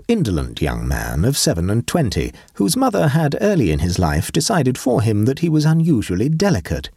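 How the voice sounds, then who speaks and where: Husky, wry male storyteller. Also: fairly low pitch, dry recording, clean studio sound. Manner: wry and expressive. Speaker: narrator. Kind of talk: audiobook narration.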